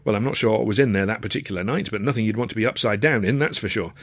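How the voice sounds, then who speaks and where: A man's voice: on the low side, very fast, dry recording. A man reading his own novel aloud in a wry, dry-humoured, conversational storytelling manner. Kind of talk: storybook narration.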